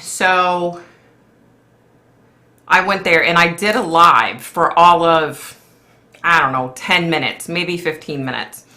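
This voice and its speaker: A middle-aged woman from Philadelphia hosting a casual psychic livestream, chatting with viewers in a blunt, animated way and swearing freely. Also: on the low side, slow, pauses often. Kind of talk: casual livestream chat reading comments.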